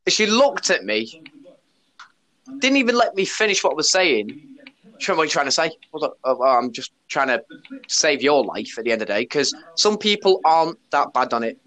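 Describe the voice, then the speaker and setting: A man's voice: fairly high pitch, very animated, normal speed, a bit bright. A man tells a story on his podcast, blunt and casual. He swears freely and retells what people said. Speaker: podcast host; bar worker.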